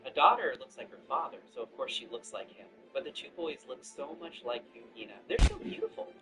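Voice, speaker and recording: A man voicing an excitable older grandmother who dotes on her new grandchildren, scolding and gushing by turns. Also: medium pitch, fairly quick, close to an everyday voice. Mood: doting. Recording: distant mic with background music.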